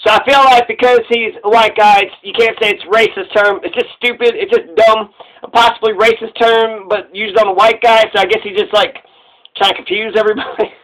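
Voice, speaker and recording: A man's voice: sits high, flat delivery, a little fast, a bit bright, poor audio. A man giving casual, rambling commentary in a sarcastic, repetitive way.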